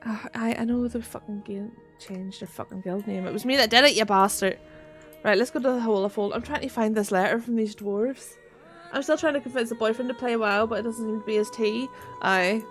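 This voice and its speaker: A woman's voice: a little high, steady tone, fairly quick, soft background music. A woman with a Northern Irish accent chatting casually while streaming a game, swearing freely and laughing often. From Northern Ireland. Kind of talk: casual live-stream chat while gaming.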